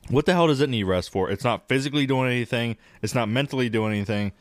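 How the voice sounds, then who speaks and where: A man in casual podcast chat, rambling and swearing as he tells an animated story about dreams. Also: medium pitch, quick pace, no room sound. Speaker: podcast co-host.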